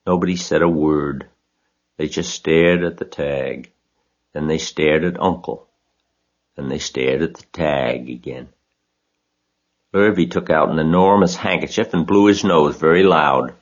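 A man with a husky voice reading a children's story aloud as narrator. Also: extremely low pitch, unhurried, pauses often, muffled recording.

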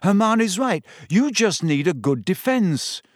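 A man's voice: sits high, big pitch swings, a little slow, no room sound, studio quality, pitched above the performer's own voice, exaggerated voice. A man voicing a determined, loyal teenage boy who talks firmly and encouragingly. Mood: urging.

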